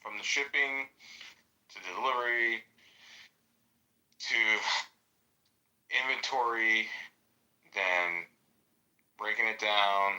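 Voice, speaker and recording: A man's voice: fairly even intonation, takes it slowly, pauses often, pushed and bright, poor audio. An American man telling stories in a casual podcast chat, profane and loose, with many fillers. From United States. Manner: profane, storytelling, jumps high to mimic others. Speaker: podcast co-host.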